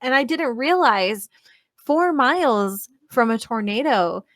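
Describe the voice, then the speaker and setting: Chatty, profane woman with a higher voice. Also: expressive, takes it slowly, fairly bright tone, no echo, studio quality. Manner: rambling, profane, full of "like" fillers. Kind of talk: casual chat.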